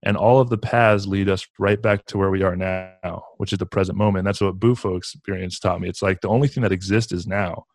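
Earnest man with a low, flat voice. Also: fairly quick, hardly any pauses, no echo. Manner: earnest, reflective, frequent "like" fillers. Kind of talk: casual spiritual conversation.

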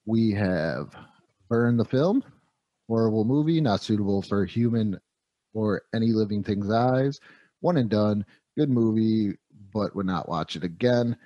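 A man's voice: fairly low pitch, animated, a little slow, no room sound, lo-fi sound. A man hosting a casual movie review podcast, rambling enthusiastically about action heroes. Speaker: podcast host.

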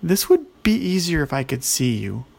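A man's voice: a little high, big pitch swings, moderate pace, vocal fry, a little mellow, husky, voice pushed up, full character voice. A man doing a polite ogre girl. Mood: firm. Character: calm, polite young female ogre adventurer. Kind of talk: children's story reading.

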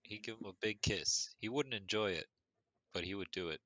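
A man's voice: lowish voice, fairly quick, sharp tone. A man co-hosting a podcast in casual chat, answering with dry, brief replies. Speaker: podcast co-host.

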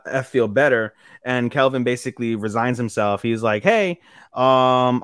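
Recapping an anime episode on a podcast, a young male co-host rambles and swears in a mid-range, fairly bright, clear, resonant voice. He briefly does the characters' lines in quick voices. It's clean studio sound without echo.

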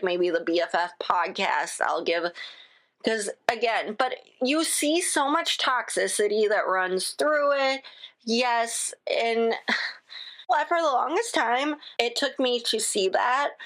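A woman's voice: mid-range voice, fairly bright tone. Chatty woman hosting a solo podcast. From United States. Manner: rambling, chatty, self-interrupting with "again". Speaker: podcast host.

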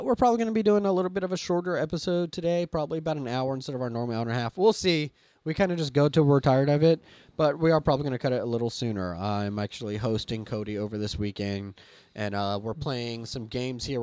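Here a young adult podcast host talks fast, his mid-range voice clean in tone and the recording dry. His chat is casual, his storytelling lively, and he swears offhandedly.

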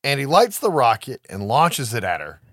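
A man co-hosting a podcast, retelling a movie plot in a casual, animated way with frequent laughs. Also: medium pitch, moderate pace, no room sound, clean studio sound. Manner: animated storytelling, laughs often, profanity. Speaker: podcast co-host.

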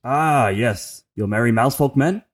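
A man's voice: mid-range voice, moderate pace. A man playing a tabletop game who speaks in character in a formal, courteous way. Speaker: player.

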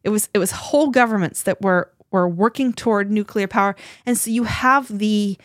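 A woman co-hosting a podcast in easy conversation. She talks in a lively, chatty flow, often doubling back and restarting her sentences. Her voice is recorded close and dry, with no room echo. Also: mid-range voice, moderate pace. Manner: animated, chatty, many restarts. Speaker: podcast co-host. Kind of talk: casual conversation.

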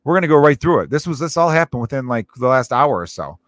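A young man hosting a comedy podcast, talking in a profane, rambling monologue with jumpy pitch. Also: very animated, fast talker, no echo.

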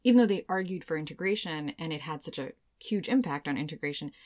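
A woman's voice: deep voice, animated, fast talker, a little mellow. A woman co-hosting a casual chat, explaining psychology research in an easygoing, teasing way. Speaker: podcast co-host.

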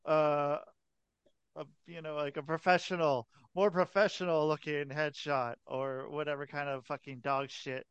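A man hosts a podcast with loose, laid-back banter full of casual swearing. His voice is fairly high and smooth. The sound is dry and close. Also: level tone, moderate pace, dry recording, lo-fi sound. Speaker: podcast host.

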